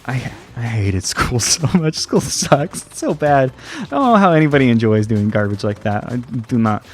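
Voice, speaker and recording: A man's voice: mid-range voice, big pitch swings, moderate pace. Young american guy rambling over a game, lots of "like" and "you know", voice jumps all over, bit of game music under it. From United States. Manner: rambling, tangent-prone, heavy on fillers. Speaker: let's play host. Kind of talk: casual gameplay commentary.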